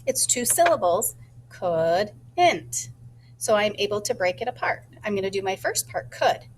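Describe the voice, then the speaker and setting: A woman teacher thinking aloud in a gentle voice and slowly sounding out words as she models a writing lesson for young children. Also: mid-range voice, animated, slight background noise. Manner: slow, deliberate sounding-out of words.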